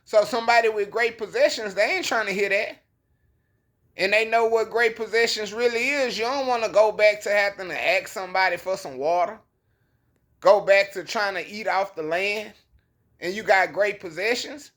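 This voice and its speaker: A man's voice: high-pitched, normal speed, fairly bright tone. A man giving a casual, slangy Bible lesson, telling the story in an emphatic conversational way. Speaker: bible teacher. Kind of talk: casual preaching monologue.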